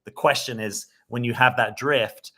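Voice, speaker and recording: A man's voice: medium pitch, fairly even intonation, moderate pace, bright, forceful tone. Reflective male coach talking live. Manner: reflective, conversational, often checks in with "right?". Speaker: dating coach. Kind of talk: live-stream talk answering viewer comments.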